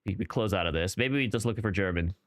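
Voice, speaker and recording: A man's voice: lowish voice, quick pace, no echo, clean studio sound. A man streaming a game who rambles through casual commentary, questioning himself and restarting his sentences often. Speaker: gaming streamer.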